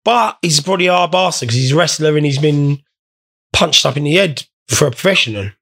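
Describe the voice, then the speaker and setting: A man's voice: on the high side, lively intonation, brisk, fairly bright tone. A young man hosting a casual podcast, rambling, swearing and joking while stoned. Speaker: podcast host.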